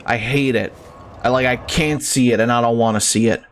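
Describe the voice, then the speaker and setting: A young male streamer talking casually over his gameplay, his voice sitting at an ordinary middle pitch. He rambles and rants, swearing freely and circling back on his own words, with faint ambient noise behind him. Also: fairly even intonation, brisk. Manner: rambling, profane, ranting. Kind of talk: casual live-stream commentary.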